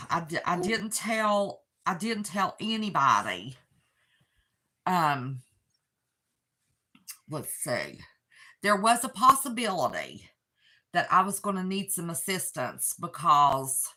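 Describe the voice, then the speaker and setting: Woman in her sixties, bright tone, slightly low pitch, emotional livestream chat. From West Virginia. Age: 60s. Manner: emotional, chatty, calls viewers sweetheart. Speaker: channel host. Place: apartment.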